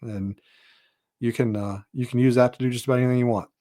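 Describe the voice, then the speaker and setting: A male podcast host at a middle pitch, speaking in a loose, unscripted monologue. He wanders through his points with plenty of "you know" and "uh," and his tone stays blunt and mildly exasperated. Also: steady tone, fast talker, mellow. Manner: rambling, leans on "you know" and "uh" fillers, frank and exasperated. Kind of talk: casual monologue.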